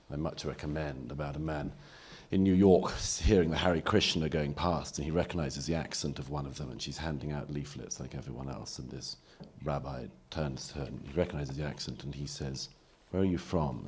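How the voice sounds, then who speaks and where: A man's voice: very deep voice, a little mellow, a little hiss or hum. A man giving wry, articulate, polemical remarks as a speaker on a debate panel.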